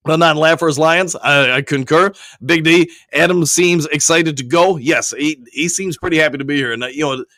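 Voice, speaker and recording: A man hosting a live sports talk stream. He is hoarse from a cold and reads viewer comments aloud, answering each one in a casual way. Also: fairly high pitch, normal speed, few pauses, sharp tone, no room sound, clean studio sound. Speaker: sports show host reading chat.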